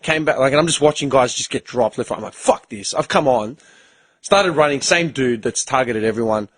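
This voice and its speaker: A man's voice: mid-range voice, brisk, fairly bright tone. A young man hosting a casual podcast chat, telling stories in a blunt, profane way. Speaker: podcast host.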